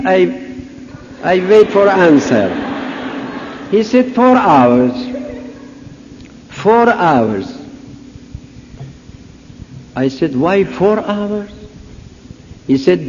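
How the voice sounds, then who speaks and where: An older Persian man speaks unhurried, halting English, acting out both sides of a conversation as he tells a funny story. His voice sits high for a man. The recording is muffled and lo-fi, with a long hall echo and a faint hiss. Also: a little mellow. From Iran. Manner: halting non-native English, storytelling with dialogue. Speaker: conference speaker. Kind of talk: humorous anecdotal speech. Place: large conference hall. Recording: echoey hall, dull lo-fi audio, faint hiss.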